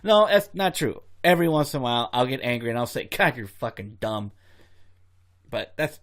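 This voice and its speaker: A man's voice: medium pitch, animated, fast, smooth. A man co-hosting a podcast in casual chat, easygoing and chuckling as he asks questions. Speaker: podcast co-host.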